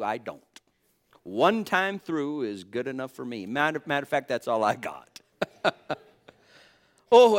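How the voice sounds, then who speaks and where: A man preaching a sermon, fervent, swinging from loud exclamations to hushed asides and calling out to the congregation. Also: on the high side. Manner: calls out to the congregation and chuckles often.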